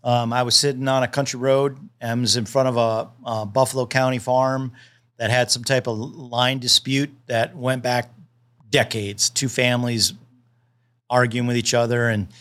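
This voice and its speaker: Animated storytelling man, middle pitch. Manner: animated, acts out dialogue in the stories; repeats and restarts often. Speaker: land specialist. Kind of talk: casual storytelling in a podcast interview.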